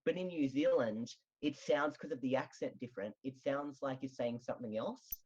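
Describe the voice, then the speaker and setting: A young chatty host with an Australian accent and a husky, breathy voice, leading a relaxed group voice chat. The sound is dull and lo-fi, like a compressed online call. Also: mid-range voice, moderate pace. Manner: chatty, laughs often, storytelling.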